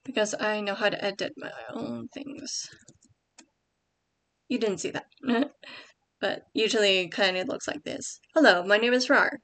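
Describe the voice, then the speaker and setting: A woman's voice: medium pitch, fairly even intonation, a little slow, gravelly, long pauses, a bit bright. A young woman at home giving casual writing tips over a screen share, rambling with many ums and likes and correcting herself as she goes.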